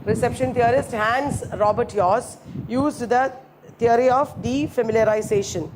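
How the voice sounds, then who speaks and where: High-voiced woman lecturing with repetition. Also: noisy background. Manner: repeats key phrases slowly, checks understanding. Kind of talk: classroom lecture.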